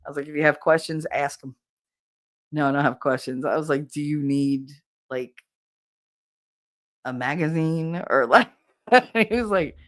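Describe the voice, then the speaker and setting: A woman in her forties hosting a casual livestream, telling a family story and acting out everyone's lines with big jumps in her voice. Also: a little fast. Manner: animated, acts out quotes with big pitch jumps. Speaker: livestream host.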